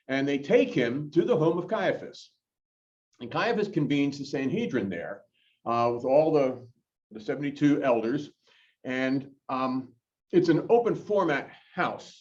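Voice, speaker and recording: A man who is an interim pastor leads a Bible study in a church chapel, talking in a lively, conversational way with frequent fillers. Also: mid-range voice. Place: church chapel, in front of a live group. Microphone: corded mic, worn while moving about. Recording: distant, dull lo-fi sound.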